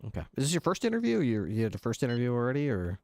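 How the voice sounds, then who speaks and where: A man's voice: medium pitch, wildly swooping pitch, rapid-fire, a little mellow, a little hiss or hum. A man improvising an interviewer in a game role-play, dry and mock-formal in his questioning.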